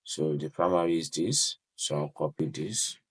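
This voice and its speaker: A man's voice: rumbling low, moderate pace, husky. A man hosting a web design tutorial, talking casually as he clicks through settings, starting most phrases with "so" and apologizing often. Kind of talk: casual screen-share walkthrough.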